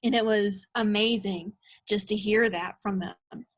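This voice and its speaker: A woman's voice: mid-range voice, unhurried, no room sound. A young woman, a college soccer player, telling stories in a casual interview and acting out the lines she quotes. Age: young adult. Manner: animated storytelling, acts out quoted lines.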